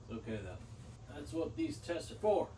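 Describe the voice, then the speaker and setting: A man's voice: a little high, big pitch swings, normal speed, dark tone, a little hiss or hum, poor audio. A young man talking casually through a cooking vlog, rambling with lots of fillers and little asides. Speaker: bodybuilder vlogger.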